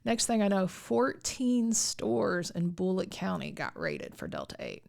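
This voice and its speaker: A woman with a rural Midwestern accent, co-hosting a podcast and telling a story in a lively, chatty way, often laughing. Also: fairly low pitch, unhurried, creaky. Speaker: podcast co-host. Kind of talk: casual chat.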